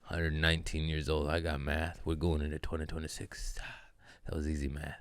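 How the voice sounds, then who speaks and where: A man with a rumbling low voice and little pitch movement delivers a comedy podcast monologue at normal speed. He riffs loosely, mocks himself, and builds into profane rants; the recording is dry and studio quality.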